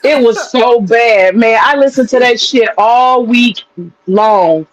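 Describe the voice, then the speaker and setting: A man's voice: very high voice, slow, dull audio. A man hosting a casual livestream panel chat, loose and profane, laughing often and repeating phrases. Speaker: streamer and panel host.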